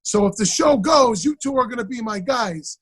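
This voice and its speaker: A man's voice: very high-pitched, lively intonation, normal speed, a bit bright, slightly rough, pitched above the performer's own voice, exaggerated voice. A man putting on the voice of an older, easygoing streetwise actor who downplays everything, in a casual friendly manner. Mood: upbeat.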